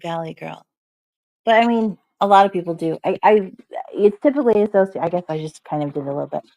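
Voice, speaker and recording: Chatty woman with a gravelly fry. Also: lowish voice, animated, quick pace, mellow, no echo, poor audio. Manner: chatty and rambling, lots of "like" and "um". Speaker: streamer. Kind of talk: casual livestream chat, answering chat messages. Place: at home, snowed in.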